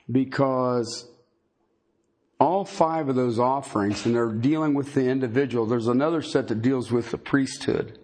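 A man teaching a Bible sermon in a halting, conversational way, with many fillers and folksy asides. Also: mid-range voice, a little mellow. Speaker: preacher.

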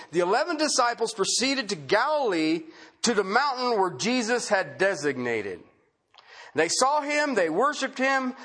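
A man's voice: high-pitched, a bit bright. A male preacher giving a conversational sermon, asking rhetorical questions and repeating key phrases.

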